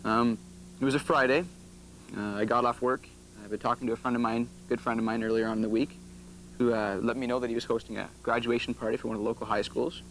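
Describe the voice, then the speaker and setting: Young man, halting story. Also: medium pitch, little pitch movement, a bit bright, slight background noise, low-quality recording. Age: 20s. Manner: hesitant, many ums and uhs. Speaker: crash survivor speaking to students. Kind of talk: personal story told to a group.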